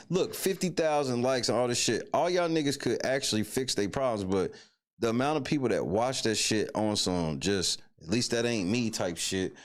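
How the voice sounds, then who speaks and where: A man co-hosting a livestream, giving blunt, profane casual commentary on viral videos. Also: mid-range voice. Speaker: livestream co-host.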